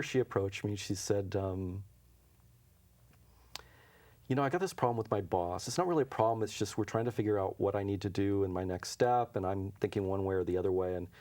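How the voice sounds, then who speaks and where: A man's voice: fairly low pitch, gravelly, darkish tone. A man being interviewed as an intuition teacher, telling stories in a casual, anecdotal way and acting out the dialogue with frequent chuckles. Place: local TV studio.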